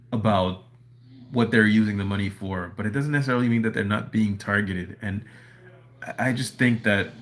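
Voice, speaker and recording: A man's voice: medium pitch, a bit bright. A man hosting a casual livestream, talking in a rambling, earnest way full of "you know" while answering his chat from home. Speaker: livestream host reading chat. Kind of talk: casual monologue to a live chat. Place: at home with a dog nearby.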